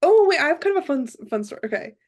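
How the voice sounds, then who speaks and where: A young woman co-hosting a podcast, talking in a rambling, deadpan way with lots of fillers. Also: high voice, very fast. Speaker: podcast co-host. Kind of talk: casual chat.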